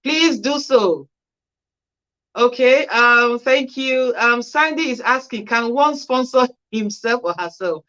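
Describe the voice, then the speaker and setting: Hosting a relaxed Q&A livestream, this care worker speaks slowly in a highish voice with a sharp edge. She reads out comments from viewers and replies with friendly, practical, chatty tips, all captured in dull, lo-fi sound.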